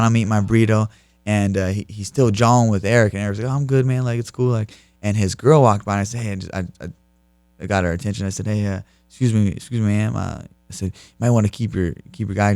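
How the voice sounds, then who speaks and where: A man's voice: on the low side, steady tone, fast talker, a little mellow, clean tone, no echo. A young man in his twenties, an interview guest who tells stories with energy and laughs through the punchlines. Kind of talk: casual storytelling interview.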